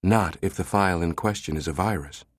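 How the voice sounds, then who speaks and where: A man voicing a pushy, fierce middle-aged woman analyst, talking in an insistent, sharp, clipped way. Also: deep voice, a little fast, no room sound, studio quality.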